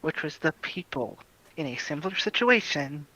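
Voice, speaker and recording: A man playing in a tabletop game, speaking calmly and matter-of-factly in casual chat. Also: a little high, normal speed. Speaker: player. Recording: dull dry lo-fi mic.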